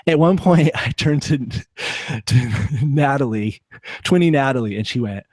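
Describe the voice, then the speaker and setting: A man hosting a casual live video call, telling crude, joking stories in an animated way. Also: mid-range voice, normal speed, dry recording. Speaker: podcast host.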